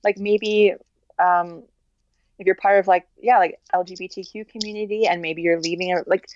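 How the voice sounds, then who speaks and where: A woman guest in a candid personal interview, speaking earnestly in halting restarts and many fillers. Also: fairly low pitch, steady tone, darkish tone, no room sound, highs cut off.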